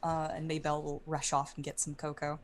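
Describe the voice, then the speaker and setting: A woman with a low voice runs a tabletop game as its game master. She narrates scenes in a relaxed, halting way, full of fillers, and asks players for rolls.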